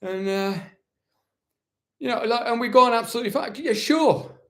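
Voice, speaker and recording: A man's voice: very high voice, moderate pace, fairly bright tone. A man doing an impression of a proud, weary warrior-captain, talking in a rambling, self-justifying, dryly mock-solemn way during a live question session. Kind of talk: live-stream in-character Q&A.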